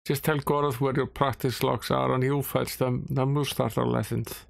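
A self-assured young hero, read out by a man speaks coolly and evenly. His tone is gravelly and flat, recorded dry and close. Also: medium pitch, normal speed, no room sound. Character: cool young male thief-hero, confident.

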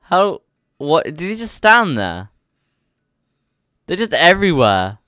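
A man on a live stream reacts to what he watches, talking to his chat and breaking into laughter often. His voice sits a bit high for a man and stays smooth and resonant. The sound is dry and close, with no room around it. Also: big pitch swings, takes it slowly, pushed and bright, no room sound.

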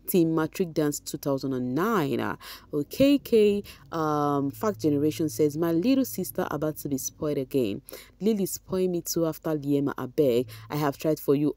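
A woman's voice: deep voice, vocal fry, mellow, no room sound. Chatty woman vlogger. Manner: chatty, reads comments aloud, sprinkles Nigerian Pidgin. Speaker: vlogger reading fan comments. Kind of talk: casual commentary.

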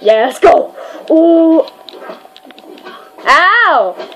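A woman giving goofy, excitable commentary while playing a fighting game, yelping and crying out during the fights. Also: sits high, slow, long pauses, low-quality recording. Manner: goofy, self-mocking. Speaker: gamer. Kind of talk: let's play commentary.

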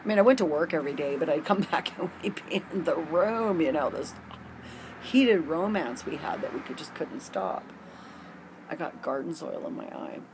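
This middle-aged vlogger has a deep, expressive voice and talks at a normal speed. Standing in a garden amid background noise, she rambles candidly through a lengthy personal story to the camera, leaning on many fillers.

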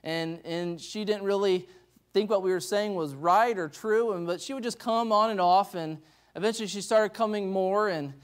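A man's voice: sits high, normal speed, clear, resonant tone. A man, a missionary pastor, telling stories in a conference sermon, acting out the dialogue with many restarts. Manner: animated storytelling, acts out dialogue, many restarts. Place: church sanctuary.

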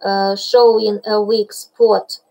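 Slow, careful woman storybook reader. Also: mid-range voice, little pitch movement, vocal fry, mellow, dull audio. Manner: slow, careful reading with small slips. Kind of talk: storybook reading.

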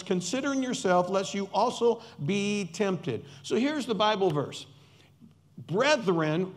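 A man preaching a sermon as pastor, emphatic and repeating key words for stress, with playful asides. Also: high voice.

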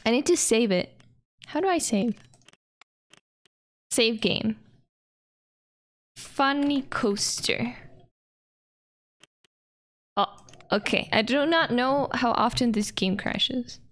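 A young woman streaming a park-building game, excitable, swearing a lot and laughing often. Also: a little high, takes it slowly, pauses often. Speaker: vtuber streamer. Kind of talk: casual gameplay commentary.

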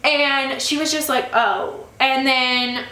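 Bright-voiced young woman vlogger, chatty. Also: on the high side, moderate pace. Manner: chatty storytelling, annoyed ranting. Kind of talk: casual chat vlog. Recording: echoey room.

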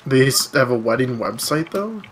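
A man's voice: medium pitch, animated, moderate pace, background noise. A man chatting hesitantly with friends during an online game, often stumbling over his words. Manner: questioning, hesitant. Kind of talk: casual gaming chat.

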